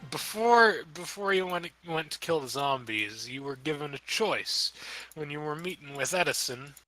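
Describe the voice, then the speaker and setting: A man's voice: a little high, expressive, moderate pace, bright, forceful tone, soft background music, poor audio. A young man recapping a tabletop game as dungeon master in a rambling, profane, offhand way.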